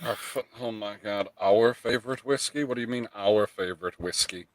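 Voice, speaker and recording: A man's voice: fairly low pitch, moderate pace, no room sound, rough recording. A man hosting a casual live stream, teasing his co-host, swearing and reading chat messages aloud. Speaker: livestream host.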